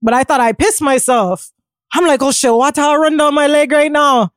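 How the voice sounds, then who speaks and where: Lively young woman telling a wild story. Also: sits high, no room sound, clean studio sound. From Caribbean family. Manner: animated, swearing, quick storytelling with acted quotes. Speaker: musician guest. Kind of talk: casual interview storytelling.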